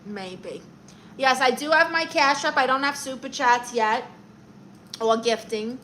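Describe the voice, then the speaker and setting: A woman's voice: high-pitched, unhurried, bright, forceful tone, a little hiss or hum, poor audio. A woman hosting a casual livestream, reading viewer comments aloud in a chatty, playful way and laughing at herself. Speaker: livestream host.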